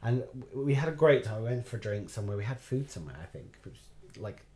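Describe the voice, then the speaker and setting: Guy on a podcast telling a story, keeps laughing and going up high when excited. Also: fast, slight background noise. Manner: animated, laughs often, jumps into high-pitched excited outbursts. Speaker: podcast guest, actor. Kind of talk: casual storytelling chat.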